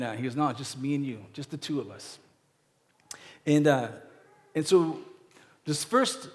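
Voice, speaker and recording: A male pastor, around his thirties, tells stories from the pulpit in a loose, conversational way, full of fillers and little acted-out voices. His pitch sits in an ordinary middle range. The sound carries a long church-hall reverb. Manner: casual, rambling, with many fillers and acted-out quotes. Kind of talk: conversational sermon with personal stories. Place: church sanctuary.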